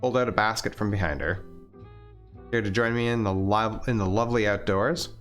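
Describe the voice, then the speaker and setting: A man's voice: fairly low pitch, brisk, fairly bright tone, faint music behind, natural voice. A man voicing a sweet, refined young woman in a visual novel read-aloud, with a genteel and playful way of talking.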